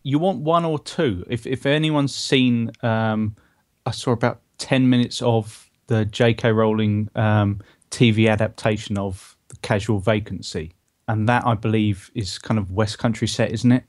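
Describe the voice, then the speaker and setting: A man's voice: fairly low pitch, steady tone, a little slow, darkish tone. A man on a casual podcast panel, musing and a little hesitant.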